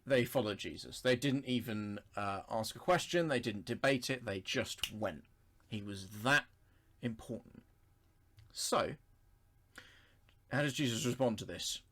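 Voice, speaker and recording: Speaking in a lowish voice with a fairly bright tone, he teaches a Bible study. He reads passages aloud and unpacks them verse by verse, calm and reflective, stopping now and then to pause or correct himself.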